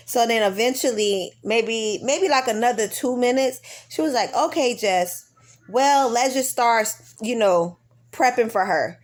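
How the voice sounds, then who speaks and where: A woman in her thirties, speaking at a moderate pace in a fairly high voice, casually tells her viewers a birth story. She's an animated vlogger who acts out the voices of the people involved, including her own pleas.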